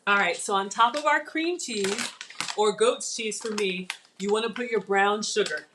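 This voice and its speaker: A woman's voice: medium pitch, normal speed, noisy background. A middle-aged woman, hosting a chatty live cooking demo and talking viewers through each step. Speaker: channel host.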